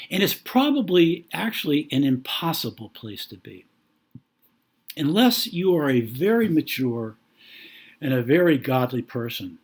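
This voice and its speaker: A man's voice: mid-range voice, darkish tone, breathy edge. A man giving an earnest teaching talk on marriage, acting out a couple's quarrel and often repeating words as he goes. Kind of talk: teaching talk with acted-out scenario.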